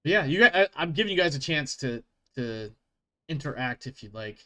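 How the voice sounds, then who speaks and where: A man's voice: on the high side, lively intonation, fairly quick, fairly bright tone. A man narrating as game master in a casual, joking, profane way.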